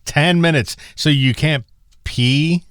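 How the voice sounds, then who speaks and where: A man's voice: fairly high pitch, takes it slowly, a bit bright, clean tone, dry recording, clean studio sound. A man co-hosting a casual podcast chat, teasing and joking with his partner. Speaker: co-host.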